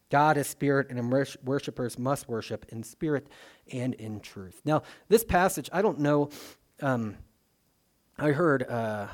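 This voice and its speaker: Male pastor, mid-pitched, conversational sermon delivery with fillers and sudden emphasis. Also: darkish tone. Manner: conversational, dynamic, with frequent fillers and restarts.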